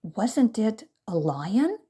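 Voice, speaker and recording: A woman's voice: medium pitch, very animated, drawn-out words, warm tone, slightly rough, pitched above the performer's own voice, heavily acted. A woman voicing a frightened, melodramatic housemaid who wails and sobs. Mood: wailing. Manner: wailing, sobbing.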